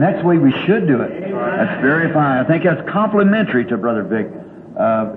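An older man preaching a sermon, telling stories in a folksy, rambling way and chuckling often. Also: on the high side. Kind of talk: sermon storytelling. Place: large church hall. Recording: tinny old recording in an echoey hall with faint hiss.

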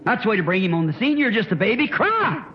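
A man with a very high, lively voice preaches a revival sermon, spinning folksy stories and breaking into shouts. The recording is muffled and lo-fi, with a faint hiss under it. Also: rapid-fire. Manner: folksy storytelling, bursts into shouting. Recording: dull lo-fi old sermon tape.

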